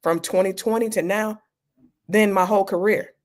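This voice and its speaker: This guest is an emergency doctor and speaker in her fifties, sharing candid stories in an interview in a chatty, dryly funny way. She speaks at a moderate pace in a medium-pitched, steady voice.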